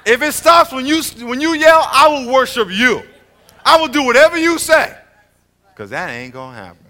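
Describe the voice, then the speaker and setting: A man teaching a Bible lesson in a lively sermon style, joking and swinging between loud and quiet. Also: normal speed. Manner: animated, jokey, swings from loud to low.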